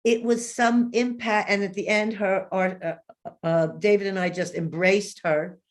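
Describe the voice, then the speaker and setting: Animated woman storyteller, mid-range voice. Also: medium pitch, measured pace. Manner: animated, acts out quoted voices. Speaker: guest. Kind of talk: storytelling in an interview.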